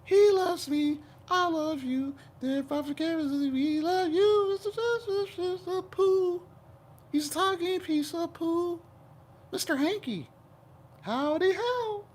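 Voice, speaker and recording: A man putting on the voice of a cheerful singing talking poo in a squeaky sing-song falsetto. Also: takes it slowly, a little hiss or hum. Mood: giddy.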